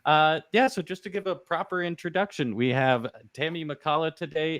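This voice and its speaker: A man's voice: a little high, fairly even intonation, normal speed, hardly any pauses, fairly bright tone, no room sound. Upbeat man hosting a live webinar. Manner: upbeat, chatty, reads comments aloud. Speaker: event host.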